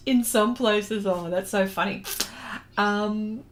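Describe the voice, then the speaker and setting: Slow-talking Australian woman, chatty. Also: medium pitch. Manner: chatty, giggly, hesitant with many ums. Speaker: artist hosting a livestream. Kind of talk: casual chat reading out viewer comments.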